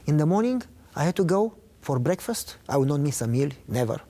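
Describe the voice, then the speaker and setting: A man's voice: fairly high pitch, very animated, a little fast, dark tone. A man earnestly recounting a personal faith story in a conversational interview, acting out the dialogue he quotes. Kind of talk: conversational testimony.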